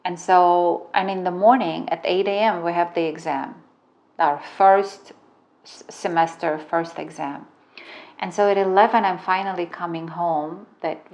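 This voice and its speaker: A middle-aged woman, not a native English speaker, telling a dramatic personal story as a relationship coach and swearing freely. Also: fairly low pitch. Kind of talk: storytelling talk.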